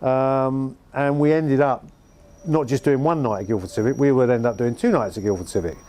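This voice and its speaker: A man's voice: mid-range voice, moderate pace, dark tone. A man with an English accent, a former band manager and music promoter, telling anecdotes in a wry, dryly humorous way. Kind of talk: anecdotal storytelling interview.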